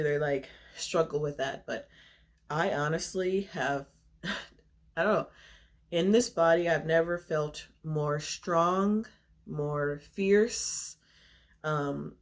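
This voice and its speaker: A young woman chatting straight to her camera in a relaxed, confiding way. She laughs easily and takes extra breaths between phrases, a little winded as she talks. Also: low voice, slow pace. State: short of breath. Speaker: vlogger. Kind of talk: casual chat to camera.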